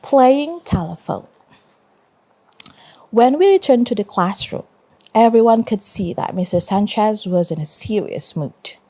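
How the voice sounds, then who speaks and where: A woman teacher reading a story aloud to her pupils and pausing to ask them questions. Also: medium pitch, expressive, dark tone. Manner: slow, stops to ask students questions.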